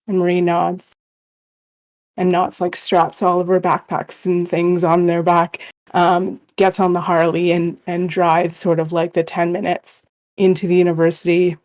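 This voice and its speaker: A woman's voice: lowish voice, completely flat delivery, measured pace, a little mellow. A woman playing a tabletop game, narrating a scene in a hesitant way with many fillers. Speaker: player.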